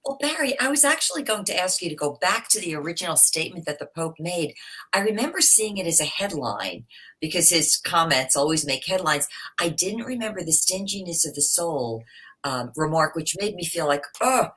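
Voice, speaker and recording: A woman speaking as a panelist on a live webinar video call, telling personal stories in a lively way. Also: fairly low pitch, brisk, husky.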